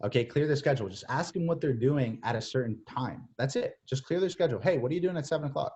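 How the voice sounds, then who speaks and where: A young man giving casual, energetic coaching as a mentor, slipping into playful acted-out phone chats with lots of "like" and "bro". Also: mid-range voice, fast talker. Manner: energetic, repeats "like" and "bro", acts out texts and calls. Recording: slightly dull lo-fi audio.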